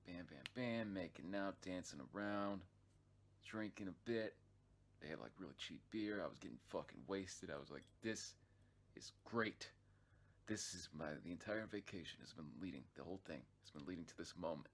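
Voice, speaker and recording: A man's voice: low-pitched, brisk. A man narrating his own travel vlog in a casual, rambling way, swearing freely and often restarting his sentences. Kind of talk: casual profane storytelling.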